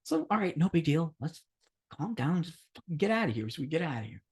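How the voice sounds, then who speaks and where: A man's voice: fairly high pitch, big pitch swings, fast, darkish tone. A man co-hosting a podcast, telling a long anecdote in casual chat. He swears a lot, laughs often and acts out the voices of the people in his story. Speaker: podcast co-host.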